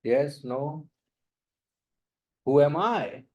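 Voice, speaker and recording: A man giving a spiritual talk, slow and emphatic, often questioning his audience. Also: fairly high pitch, expressive, mellow, highs cut off. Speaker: spiritual lecturer. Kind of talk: sermon.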